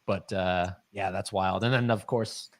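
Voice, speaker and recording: A man's voice: low voice, fairly even intonation, unhurried. Rambling male podcast co-host. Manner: rambling, many fillers and restarts. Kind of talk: casual live-stream chat.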